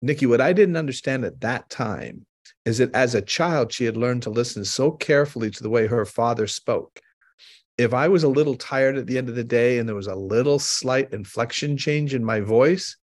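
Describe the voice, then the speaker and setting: A man hosts a podcast, talking earnestly and explaining his points through personal stories. His voice is mid-pitched. The sound is dry and close to the mic. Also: lively intonation, moderate pace, no room sound. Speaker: podcast host. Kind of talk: conversational storytelling.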